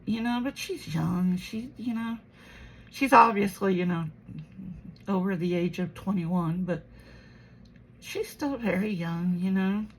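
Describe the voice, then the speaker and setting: Slow, creaky-voiced woman telling a story. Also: medium pitch, rough recording. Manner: rambling, full of "you know" asides. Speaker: resin jewelry crafter. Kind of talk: casual storytelling while crafting.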